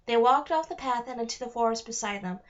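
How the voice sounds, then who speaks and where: A woman reading a children's novel aloud, careful and steady, with small slips. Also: a little high, fast, dull audio. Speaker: reader. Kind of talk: read-aloud narration.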